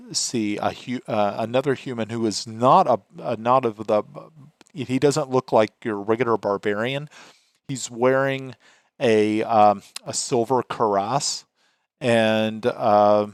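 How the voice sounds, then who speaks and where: Male game master, low-pitched, slow and halting narration, dry sound. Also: clear, resonant tone, no echo. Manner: hesitant, many fillers.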